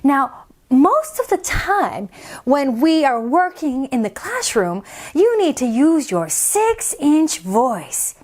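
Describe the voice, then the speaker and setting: A woman's voice: high-pitched, sing-song, slow, darkish tone. A woman telling a picture-book story to children, playful and dramatic, often dropping into stage whispers. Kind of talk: theatrical read-aloud for children.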